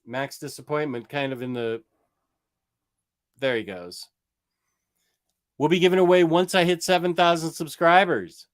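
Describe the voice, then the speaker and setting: A man's voice: on the high side, measured pace, pauses often. A man hosting a casual comic book livestream, rambling and joking as he answers viewer questions and stumbles over words. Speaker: comic book channel host.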